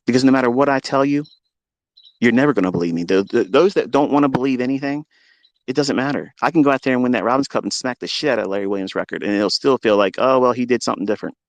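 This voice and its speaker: A man's voice: mid-range voice, fast, no room sound. A trading educator, a man, giving a profane, boastful, combative rant to his livestream viewers.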